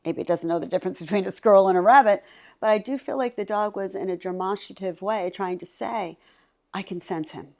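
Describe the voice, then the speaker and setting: A woman's voice: mid-range voice, fast. A middle-aged woman, a psychic medium, telling stories in a conversation and acting out the voices of the people in them. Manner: animated, acts out voices in her stories. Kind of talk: storytelling in a conversation.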